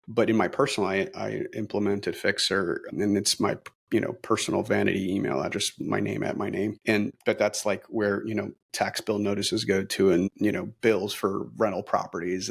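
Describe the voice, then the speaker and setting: A middle-aged man talking as an interview guest, energetic and optimistic, with many fillers and restarts. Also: on the low side, vocal fry, breathy edge. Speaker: brokerage leader, interview guest. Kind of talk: casual interview talk.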